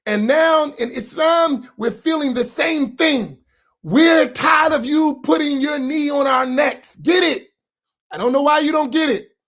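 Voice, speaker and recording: A man with an American accent, an imam preaching a sermon with rising shouts and repeated rhetorical questions. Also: very high voice, measured pace. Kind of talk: impassioned sermon.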